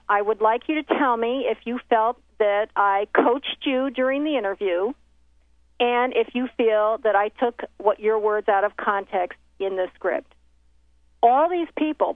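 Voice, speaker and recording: A woman's voice: on the high side, unhurried, dry recording. A woman who makes documentaries, recounting a story in casual conversation and acting out the exchanges she quotes, with many restarts. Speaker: documentary filmmaker telling her story. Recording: tinny phone line, dry.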